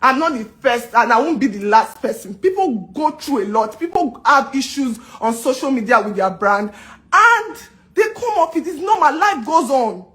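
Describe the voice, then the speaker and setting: A woman's voice: fairly high pitch, expressive, normal speed, few pauses, a bit bright. Upset woman pleading her case. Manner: pleading and indignant, repeating phrases. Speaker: business owner responding to online claims. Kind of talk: emotional direct-to-camera rant.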